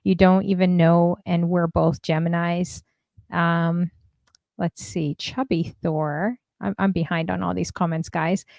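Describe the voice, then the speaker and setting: A woman's voice: fairly low pitch, level tone, a little slow, gravelly, a little mellow, dry recording. A woman hosting a casual livestream, chatting and reading viewer messages aloud with lots of fillers. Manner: chatty, many fillers, reads comments aloud. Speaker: stream host.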